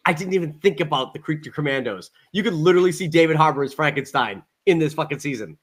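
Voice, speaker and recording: Excitable man chatting on a podcast. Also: fairly high pitch, fast, a little hiss or hum. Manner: excitable, swears, laughs often. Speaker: podcast co-host. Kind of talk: casual review chat.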